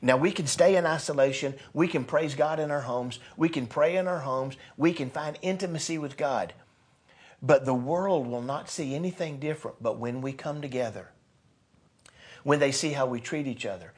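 A man preaching a sermon as a pastor, earnest, rising to loud bursts and dropping soft again. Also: mid-range voice, husky.

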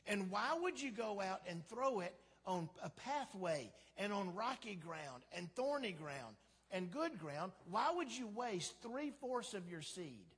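A man's voice: high voice, big pitch swings, unhurried, fairly bright tone, slightly rough. A man preaching a sermon as pastor, in a conversational, humorous way that acts out quotes. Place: church sanctuary. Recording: long hall reverb.

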